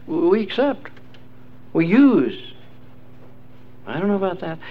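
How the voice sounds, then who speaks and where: A man's voice: fairly high pitch, vocal fry. An older man teaching a class in a rambling lecture, quizzing his listeners with questions and many fillers. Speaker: religious teacher. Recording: dull lo-fi recording with faint hiss.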